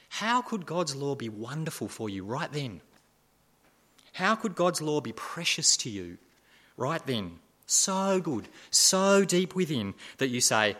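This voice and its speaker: A man preaching with a bright, forceful tone and a fairly high voice. He keeps repeating rhetorical questions and moves from loud emphasis to hushed, quiet asides. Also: sing-song, slow pace. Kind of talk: sermon.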